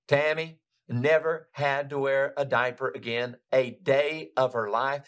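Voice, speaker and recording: Man, preacher, sermon testimony, slightly high voice, emphatic storytelling. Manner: animated, emphatic storytelling with frequent restarts.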